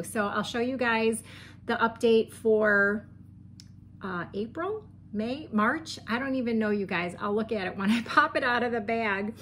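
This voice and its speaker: A woman chats to her camera at home, gushing over her mail with lots of ums and little laughs. Her voice sits a touch high, and a faint hiss of room noise lies under it. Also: a bit bright. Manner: chatty and gushing, with frequent ums and light laughs. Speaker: crochet vlogger. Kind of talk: casual chat to camera. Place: home room with setting sun through the window.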